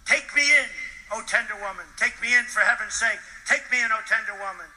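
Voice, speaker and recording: A man's voice: high-pitched, brisk, bright, forceful tone, in a large hall. A man voicing a sly, ungrateful male snake in a recited poem, pleading in a repeated refrain. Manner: pleading refrain, then sneering.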